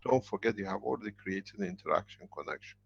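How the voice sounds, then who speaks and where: A man's voice: fairly low pitch, animated, fast talker, vocal fry, dull audio, slight background noise. A man answering questions in a live online teaching session, explaining at length with emphatic, rambling sentences.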